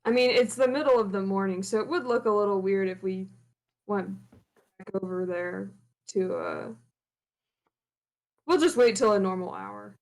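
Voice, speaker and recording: A woman's voice: mid-range voice, normal speed, gravelly, long pauses, a little mellow, rough recording. A woman playing a tabletop role-playing game, talking casually with short replies. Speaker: player.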